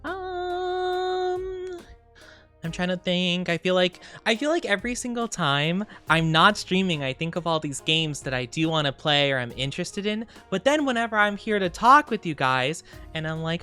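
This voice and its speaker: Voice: medium pitch, lively intonation, moderate pace, bright, forceful tone, clean tone, faint music behind. A live streamer in casual chat with viewers, rambling and thinking aloud with lots of fillers.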